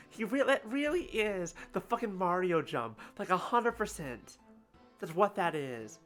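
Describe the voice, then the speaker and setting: A woman's voice: on the low side, expressive, a little slow, fairly bright tone, faint music behind. A woman streamer chatting casually and profanely while playing a game, rambling and self-mocking. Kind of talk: casual livestream commentary.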